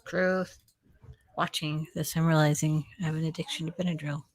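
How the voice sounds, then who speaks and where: A woman's voice: low-pitched, little pitch movement, normal speed. A woman co-hosting a family recovery channel, chatting casually and chiming in with short, agreeing remarks. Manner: brief, agreeing interjections. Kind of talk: casual chat.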